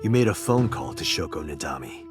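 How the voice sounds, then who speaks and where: A deep, dry detective. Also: male voice, very animated, fairly quick, music in the background, full character voice. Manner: dry, blunt, sarcastic. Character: wry male special agent, blunt and cocky.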